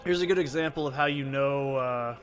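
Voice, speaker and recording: A man's voice: mid-range voice, fairly quick. Oregon dude rambling while he games, curses constantly, faint game music under him. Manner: rambling, heavy swearing, off-topic tangents. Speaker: let's play gamer. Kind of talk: casual gameplay commentary. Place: soundproofed corner at home. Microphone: desk condenser mic with pop filter.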